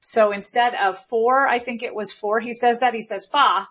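Husky middle-aged woman from the South. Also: a little high, steady tone. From American South. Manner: thoughtful, reflective, drawn-out phrasing. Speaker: guest linguist. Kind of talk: explanatory conversation. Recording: muffled lo-fi audio.

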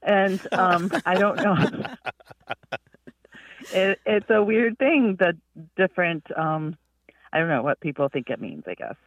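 A woman's voice: on the low side, expressive, a little slow, long pauses, no echo. A woman calling in to a radio show, hesitant and giggly, using lots of fillers. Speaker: caller. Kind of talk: radio call-in chat. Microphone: telephone. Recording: tinny phone line, far from the mic.

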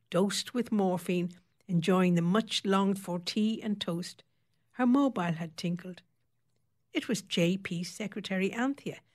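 A woman reading a novel aloud as audiobook narrator, in steady, expressive storytelling. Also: mid-range voice. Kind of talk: scripted narration.

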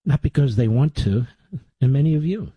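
A man's voice: mid-range voice, expressive, moderate pace, slightly rough, dry recording, lo-fi sound. A middle-aged man hosting a talk radio show, delivering a combative, conversational monologue with sarcastic asides into a studio microphone.

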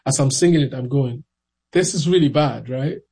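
A man telling his story in a casual, animated way, acting out the voices of people he met. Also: mid-range voice, normal speed, gravelly, slightly rough, poor audio. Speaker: interviewee.

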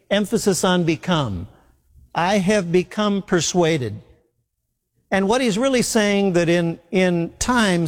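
A man's voice: sits high, big-room sound. A man preaching a sermon in an earnest way, repeating his key phrases for emphasis.

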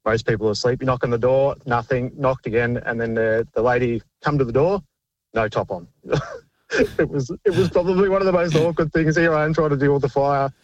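A man's voice: medium pitch, brisk, no room sound, lo-fi sound. A man calling in to a radio show, telling a rambling, amused story about his firefighting days. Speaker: caller. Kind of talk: casual phone call to radio show.

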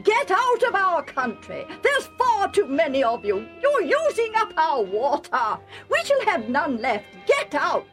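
A woman's voice: very high voice, huge pitch swings, measured pace, few pauses, fairly bright tone, soft background music, voice pushed up, exaggerated voice. A woman voicing a furious, blustering male king who roars at strangers. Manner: roaring, indignant.

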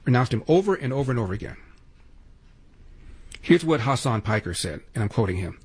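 A man's voice: medium pitch, sing-song, brisk, a little mellow, slightly rough. A male radio talk show host giving opinionated, sarcastic political commentary and taking calls.

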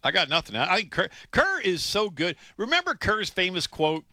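A man's voice: high-pitched, very animated, normal speed, sharp tone, no room sound, clean studio sound. A man co-hosting a sports radio show, talking loosely and jokingly and often repeating words as he starts a thought. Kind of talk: casual sports radio talk.

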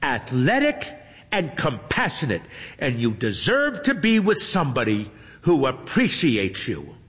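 A man voicing a cheerful young female wizard livestreamer who talks in a bright, sing-song, coaxing way. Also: mid-range voice, huge pitch swings, unhurried, long reverb tail, pitched above the performer's own voice.

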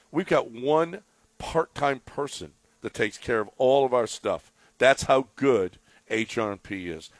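Man, sports radio host, animated and excitable, mid-range voice, dry close sound. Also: medium pitch, dry recording. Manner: animated, excitable, repeats words when riled up. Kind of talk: casual sports talk and live ad read.

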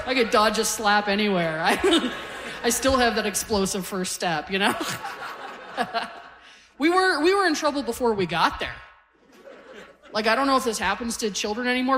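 A woman's voice: fairly high pitch, fairly bright tone. Woman in her forties doing stand-up. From Canada. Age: 40s. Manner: conversational, self-deprecating punchlines. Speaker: stand-up comedian. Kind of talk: stand-up comedy set. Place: comedy stage with a live audience.

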